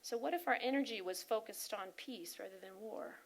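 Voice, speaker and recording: A woman giving an inspirational sermon talk as a spiritual practitioner, earnest and animated, often asking her listeners questions. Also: fairly high pitch, fairly quick. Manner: animated and emphatic, acting out angry voices. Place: spiritual center service.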